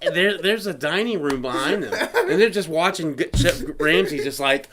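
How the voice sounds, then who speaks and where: A man's voice: on the high side, normal speed, slight background noise. A man co-hosting a casual podcast, telling stories animatedly with plenty of swearing. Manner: animated storyteller, profane, acts out quotes. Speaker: podcast co-host. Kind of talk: casual chat.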